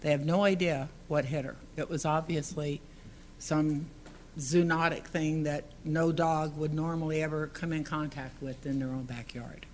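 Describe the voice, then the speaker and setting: A woman's voice: low-pitched, fairly even intonation, normal speed, a little mellow, a little hiss or hum. A woman giving public comment at a city council meeting, earnest and partly reading from prepared text.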